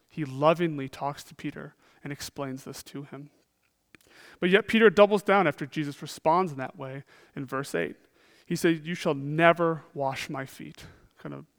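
Man, sermon preacher, slightly high voice, earnest, swings from emphatic to hushed. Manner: earnest, frequent rhetorical "right?", shifts between emphatic and hushed.

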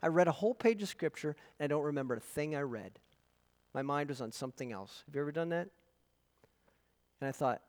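A man's voice: a little high, expressive, brisk, pauses often, a little mellow. Earnest preacher man in an echoing hall. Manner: earnest, emphatic, storytelling. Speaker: pastor. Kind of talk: sermon. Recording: long hall reverb.

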